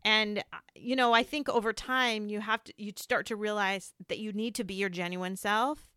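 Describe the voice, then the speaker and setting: A woman's voice: medium pitch, steady tone, normal speed, sharp tone, clear, resonant tone, no echo, studio quality. A woman hosting a casual, heartfelt conversation, speaking earnestly and reassuringly about grief.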